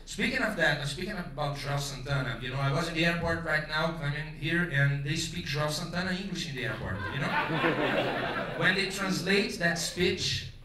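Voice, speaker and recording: A man's voice: a little high, normal speed, background noise. A Brazilian man from Rio de Janeiro with a carioca accent, speaking English as a second language and doing a loose, profane stand-up set on a theater stage. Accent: Brazilian Portuguese, carioca. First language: Portuguese. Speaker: stand-up comedian. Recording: roomy theater, distant mic, loud audience.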